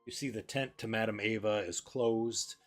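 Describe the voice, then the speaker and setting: A man narrating as game master in a relaxed, hesitant way with many fillers. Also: fairly low pitch, moderate pace. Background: background music.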